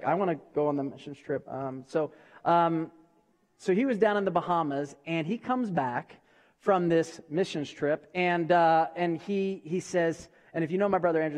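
Male pastor, middle-aged, chatty and halting, high voice, long hall reverb. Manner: chatty, halting, frequent restarts and repeated words. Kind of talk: conversational sermon. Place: church hall.

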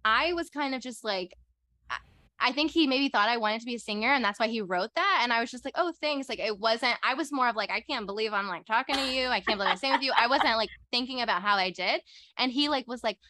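A young woman tells a story in a relaxed, chatty way, her voice bright and a little high. She is excitable and fills her sentences with "like". The sound is close and dry, with no room echo. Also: fast talker. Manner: excitable, heavy use of "like" fillers. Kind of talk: casual conversational storytelling.

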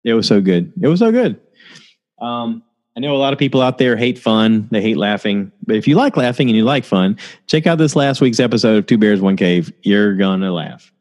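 A man's voice: lowish voice, a little fast, a little mellow. A man hosting a casual solo podcast, telling stories in a rambling way and laughing often. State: tired, low on energy. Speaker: podcast host.

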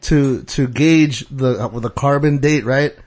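A man co-hosting a casual podcast chat, rambling and repeating himself as he works through a thought, with sudden jumps up in pitch. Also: fairly even intonation, measured pace, darkish tone. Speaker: podcast co-host.

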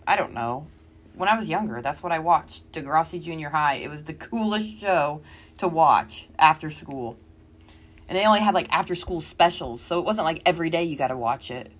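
A woman's voice: sits low, animated, moderate pace. A woman co-hosting a podcast with her husband, chatting casually and teasing him. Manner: teasing, laughs often. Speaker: podcast co-host. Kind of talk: casual chat.

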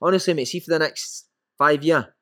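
A Scottish man telling a lively football anecdote in casual chat, swearing and acting out quotes. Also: on the high side, moderate pace, no room sound, studio quality. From Scotland. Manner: animated storyteller, swears freely, acts out quotes. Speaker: former footballer guest.

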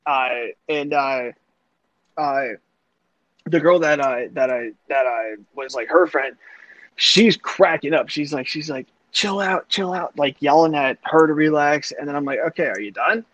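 A man's voice: fairly high pitch, a little slow, a bit bright, no room sound. A young man hosting a podcast, telling a long personal story in a rambling, profane way, full of "like" and other fillers. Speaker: podcast host. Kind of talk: casual storytelling chat. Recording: dull lo-fi sound, dry.

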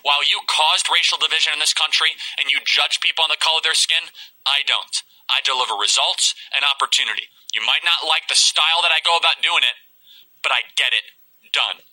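A man giving political commentary, delivering emphatic, rhetorical lines in a steady stream. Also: fairly high pitch, brisk, rough recording.

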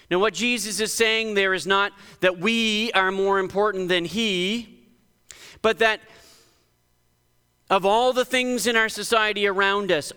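A man's voice: pushed and bright, clean tone, long reverb tail. A male pastor preaching a sermon in a conversational but emphatic way, lifting his voice to stress key points, in a church sanctuary. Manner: emphatic, conversational preaching with sudden lifts in pitch.

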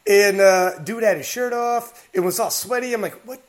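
High-voiced excitable podcast host, a man. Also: normal speed. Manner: animated storytelling, acts out shouted quotes; swears freely. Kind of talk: casual chat.

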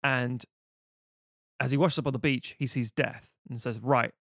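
A man's voice: medium pitch, fairly even intonation, moderate pace, fairly bright tone, no echo, studio quality. A man chatting casually as a podcast co-host, rambling, profane and jokey as he recaps a film.

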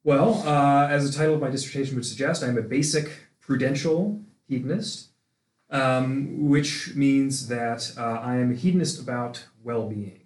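Man, philosophy teacher type, explains slowly with ums and restarts, roomy echo. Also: mid-range voice, darkish tone. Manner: thoughtful, hesitant, many fillers and restarts. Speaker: philosophy instructor, guest. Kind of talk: casual conversational explanation.

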